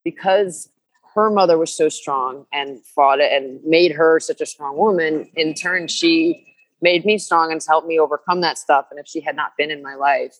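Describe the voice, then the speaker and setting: A woman with a notably low speaking voice talks through a personal story in an interview. She rambles earnestly, circling back with fillers and restarts. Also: moderate pace, poor audio. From New Jersey, USA. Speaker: musician guest. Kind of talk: candid interview conversation.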